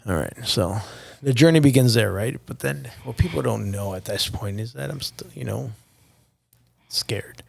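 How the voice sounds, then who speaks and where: A man's voice: medium pitch, normal speed, gravelly, slightly rough, no room sound. A young man from Nicaragua, a podcast guest telling a personal story in a candid, profane, casual way. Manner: candid and profane, addresses host as dude and bro.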